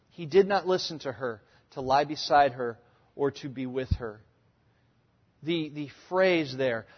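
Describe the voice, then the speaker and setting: A man preaching a sermon, swinging from hushed, quiet passages to loud, emphatic ones. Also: on the high side, long reverb tail, lo-fi sound. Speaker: pastor.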